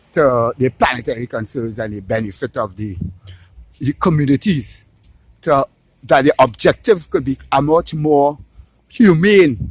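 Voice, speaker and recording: Slight background noise sits under this man's slightly high voice and Trinidadian accent. He's from Trinidad and Tobago and delivers an animated, opinionated rant, swearing and capping his points with "right?".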